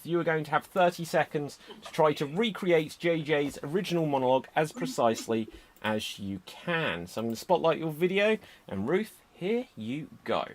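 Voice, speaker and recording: Man, improv host, brisk, upbeat, slightly high voice, video call. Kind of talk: hosting a live online improv show.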